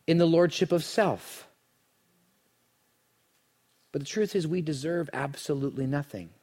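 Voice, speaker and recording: A man preaching a sermon, telling the story dramatically and swinging from hushed lines to near shouts. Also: on the high side. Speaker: pastor.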